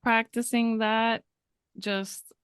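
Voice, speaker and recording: A woman's voice: a little high, level tone, extremely slow, a bit bright, clean tone, dry recording, clean studio sound. A woman co-hosting a parenting podcast, upbeat and earnest as she sums up takeaways for listeners. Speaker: podcast co-host. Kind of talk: casual podcast chat and recap.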